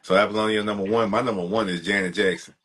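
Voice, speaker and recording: A man's voice: on the low side, fairly even intonation, fast, fairly bright tone, rough recording. A man co-hosting a podcast, talking in a slangy drawl with short, emphatic reactions. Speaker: podcast co-host. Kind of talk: casual chat.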